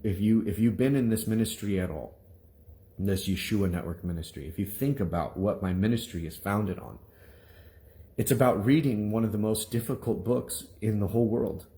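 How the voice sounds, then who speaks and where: Animated man telling a story. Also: lowish voice, normal speed. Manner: animated storytelling, acts out quoted voices. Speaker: minister. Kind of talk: testimony to viewers.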